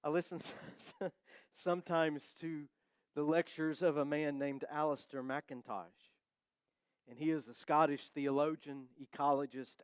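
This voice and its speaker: A male pastor preaching a sermon in a church, conversational and humorous, slowing down to stress key phrases. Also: mid-range voice, clean tone, no room sound. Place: church sanctuary.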